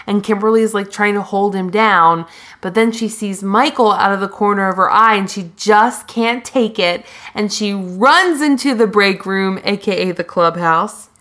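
A woman co-hosting a podcast, casually recapping a TV episode with lively storytelling. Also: medium pitch, normal speed. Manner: animated storyteller, laughs often. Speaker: podcast co-host.

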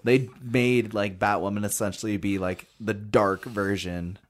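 A man co-hosting a casual podcast chat in a small echoey room, animated and prone to shouted outbursts. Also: on the low side, measured pace. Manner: animated, bursts into shouted exclamations. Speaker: podcast co-host. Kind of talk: casual comic book chat.

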